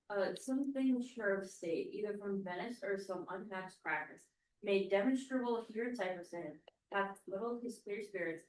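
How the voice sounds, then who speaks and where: Woman student as an anxious young noblewoman, halting class reading, distant roomy sound. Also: medium pitch, close to an everyday voice. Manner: halting, stumbles over old verse. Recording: roomy classroom, mic far off.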